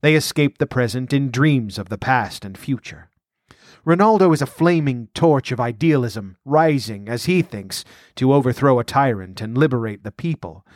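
Guy doing cold scheming outlaw noble, scornful, bossy, mid pitch, dry sound. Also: animated, dry recording, lightly acted. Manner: measured, scornful, domineering.

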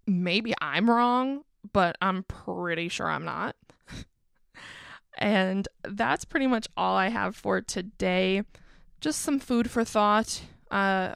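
A woman's voice: medium pitch, vocal fry, clear, resonant tone, no room sound, clean studio sound. A young woman hosting a casual solo podcast, talking candidly with swearing and self-deprecating laughs. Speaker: podcast host.

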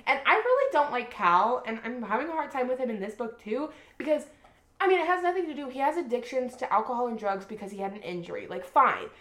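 A young woman co-hosting a podcast who recaps a book in casual chat. She is an animated storyteller who swears freely and says "like" often. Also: on the high side, fast talker. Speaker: podcast co-host. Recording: roomy echo.

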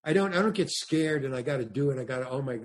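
A man's voice: on the high side, animated, fast talker. An older man with a slightly raised voice rambles through a story from his acting days. He slips into the voices of the people he quotes and keeps circling back with restarts and asides. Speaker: guest, comedian and actor. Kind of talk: anecdotal interview storytelling.

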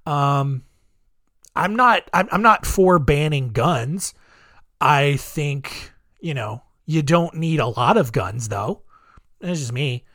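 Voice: mid-range voice, a bit bright, no echo, clean studio sound. A podcast host giving solo commentary in a rambling way, leaning heavily on filler words. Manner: rambling, heavy use of "like".

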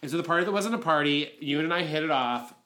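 A man co-hosting a podcast, telling a story in casual chat, laughing often and jumping into high quoted voices. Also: quick pace, pushed and bright. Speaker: podcast co-host.

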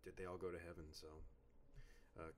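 A man in his thirties co-hosting a casual chat, playful and theatrical, swinging between quiet mumbles and loud outbursts. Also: low voice, flat delivery, brisk, noisy background. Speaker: podcast co-host. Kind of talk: casual chat, reading listener notes.

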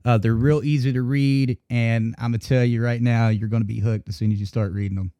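A man's voice: mid-range voice, a little fast, no echo, studio quality. A man from North Carolina hosting a podcast, telling stories with lots of swearing. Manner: profane, animated storytelling. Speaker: podcast host. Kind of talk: casual chat.

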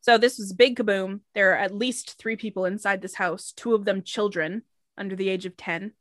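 A woman's voice: mid-range voice, steady tone, fairly quick, no echo, clean studio sound. A woman co-hosting a casual true-crime podcast, telling the story bluntly and acting out phone calls with plenty of cursing. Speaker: podcast co-host.

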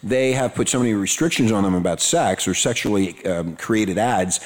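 A man's voice: fairly low pitch, normal speed. A man hosting an online talk radio show, chatting casually and rambling through news with lots of fillers.

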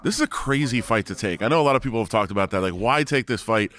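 Male host, upbeat and chatty, asking quick questions. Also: lowish voice, expressive, fairly bright tone. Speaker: interview host. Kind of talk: casual interview chat.

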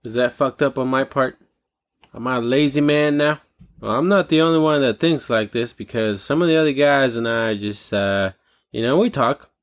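A man's voice: medium pitch, normal speed. A man hosting a comedic solo rant, rambling and profane, with jokey digressions.

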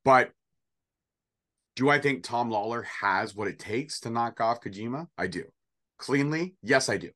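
A man's voice: mid-range voice, animated, unhurried, long pauses, sharp tone. A man co-hosting a casual wrestling prediction show, joking and rambling with sarcastic asides. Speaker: podcast co-host.

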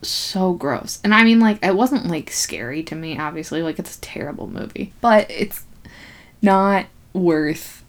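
Young woman podcast host, slightly low voice, casual giggly movie recap. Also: expressive, measured pace. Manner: chatty, giggly, lots of "like", acts out lines.

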